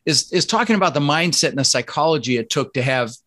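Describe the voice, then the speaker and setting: A man from the Netherlands, a podcast guest, talking in a casual interview with energetic, emphatic delivery. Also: quick pace. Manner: energetic, emphatic, jumps up in pitch when excited. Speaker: podcast guest, real estate investor.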